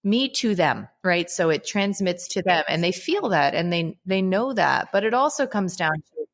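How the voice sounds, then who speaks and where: Earnest woman with a lowish voice. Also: lively intonation, moderate pace. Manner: earnest, frequent "you know" and "right?" asides. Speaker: guest, holistic psychiatrist and author. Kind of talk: casual reflective interview talk.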